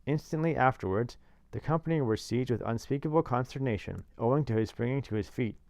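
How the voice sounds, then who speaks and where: A man narrates a classic novel at a mid pitch, steady and clear. He drops in dry, wry asides, and the recording is dry and close with no room sound. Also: a little fast, dry recording. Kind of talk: reading a classic novel aloud.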